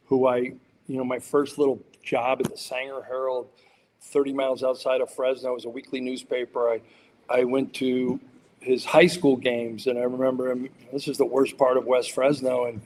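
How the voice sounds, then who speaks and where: A man's voice: medium pitch, darkish tone, in a large hall, a little hiss or hum. A man, a sports journalist and podcast guest, telling rambling anecdotes in casual chat, full of fillers and restarts.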